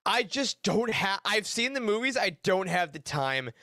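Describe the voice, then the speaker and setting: A man co-hosting a podcast in casual chat, enthusiastic, rushing through words in bursts. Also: high-pitched, very animated, bright, forceful tone, no room sound, clean studio sound. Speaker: podcast co-host.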